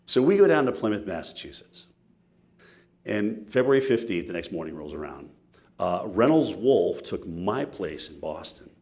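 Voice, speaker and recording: A man giving a keynote speech, telling stories in an animated, self-mocking way. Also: low-pitched, moderate pace. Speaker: keynote speaker.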